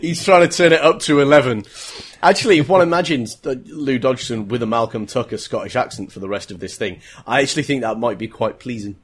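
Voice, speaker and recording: A husky-voiced man chatting casually on a podcast, tossing in wry jokes and dry commentary. He often drops into mock voices for a quick gag. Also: mid-range voice. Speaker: podcast co-host. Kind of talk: casual chat about a novel.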